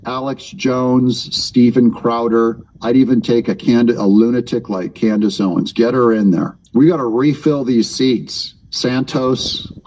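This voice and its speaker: A man's voice: mid-range voice, mellow, poor audio. A man hosting his own commentary channel, talking back at clips in a mocking, sarcastic way.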